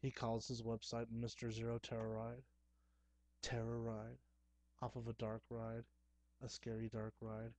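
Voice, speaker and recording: A young man talking casually to camera at home, chatty and excitable, with playful asides. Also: medium pitch, unhurried, no room sound. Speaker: horror movie vlogger. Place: dim room at home.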